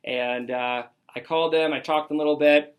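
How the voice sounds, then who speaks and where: A young man gives a motivational talk to his sales team, his voice sitting a little high for a man. He tells the story excitedly and acts out each person's lines as he goes. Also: brisk. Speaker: sales district manager.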